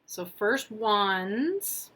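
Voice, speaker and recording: A woman's voice: medium pitch, animated, very slow, a bit bright. A woman doing a casual tarot reading on camera, chatty and playful, thinking aloud with asides as she explains. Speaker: tarot reader. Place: at a table with camera.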